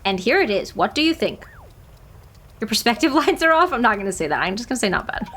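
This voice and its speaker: A woman's voice: fairly high pitch, sing-song, fast, fairly bright tone, a little hiss or hum. A woman streaming a game, chatting casually and laughing often. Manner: giggly, chatty.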